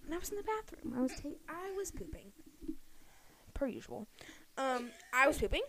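A young woman co-hosting a podcast, telling childhood stories in casual chat with giggly, animated delivery. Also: high-pitched, normal speed, a little hiss or hum. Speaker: podcast co-host.

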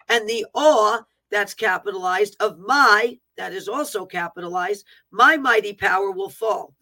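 A woman's voice: fairly high pitch, pushed and bright. A woman reading a prophetic word aloud with fervent proclaiming, breaking off for plain asides about how the written text looks. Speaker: prophetic minister.

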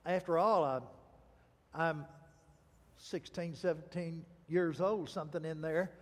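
Male pastor, high voice, storytelling sermon, dramatic pauses, reverberant hall sound. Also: fairly even intonation.

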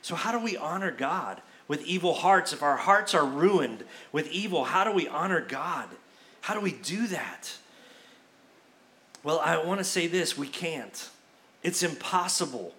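A man preaching a sermon as pastor, in an animated, conversational way with casual asides. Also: fairly high pitch, unhurried.

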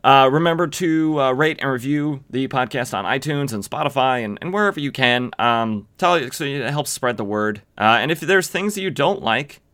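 A man's voice: mid-range voice, animated, normal speed, few pauses, a bit bright. A man hosting a podcast, casually recapping a comic book with lots of fillers and self-corrections. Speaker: podcast host.

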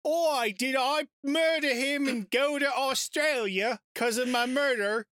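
Murder suspect with a hammy fake-Australian accent, blustering and pitched high, a man putting it on for a bit. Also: a little slow, sharp tone, clean tone, dry recording, studio quality, heavily acted. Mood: accusing.

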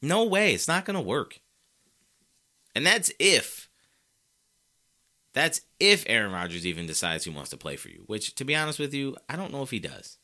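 A man's voice: medium pitch, very animated, moderate pace, pauses often, sharp tone. A man hosting a sports talk show, ranting and fired up, hammering his points with emphatic repetition. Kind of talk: opinionated sports commentary.

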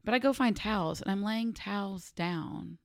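A woman's voice: medium pitch, normal speed, vocal fry. A woman co-hosting a casual chat, telling a story and acting out the lines of the people in it. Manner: animated storyteller acting out quotes.

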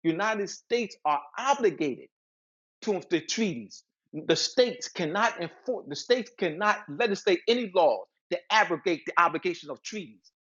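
A man's voice: high voice, lively intonation, moderate pace, fairly bright tone, highs cut off. A man speaking as a guest author, lecturing with emphatic repetition and frequent restarts. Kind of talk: lecturing interview talk.

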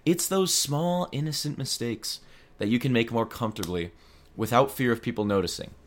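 A young man in his twenties hosting a comedy podcast, delivering a scripted monologue with deadpan, self-deprecating humor. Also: mid-range voice, moderate pace. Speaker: podcast host.

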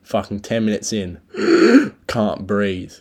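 Crude, deep-voiced Australian bloke rambling. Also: male voice, steady tone, normal speed, darkish tone. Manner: crude, swearing, laid-back storytelling. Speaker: solo podcast host. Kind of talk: casual rambling chat. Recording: low-quality home recording.

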